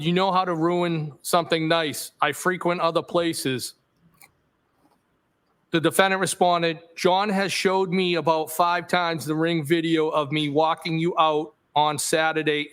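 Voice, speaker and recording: A man on the witness stand in a courtroom, reading messages aloud in a steady, measured delivery. His voice sits a little higher than most men's, and he reads each punctuation mark aloud as he goes. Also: clean tone.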